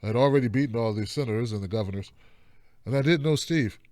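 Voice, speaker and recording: A man doing a booming, mock-serious TV anchor. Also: quick pace, a little mellow, no echo, studio quality, close to an everyday voice. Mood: mock-solemn. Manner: mock-serious broadcast delivery. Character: deep-voiced pompous male TV news anchor. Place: indoor home studio.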